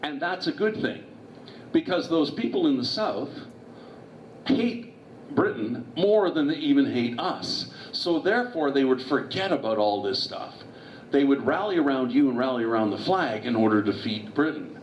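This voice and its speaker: A man playing an eager, scheming male statesman who pitches a plan in a raised, pushy voice. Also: expressive, normal speed, a little hiss or hum, close to an everyday voice. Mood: persuasive. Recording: distant, roomy, dull hall recording.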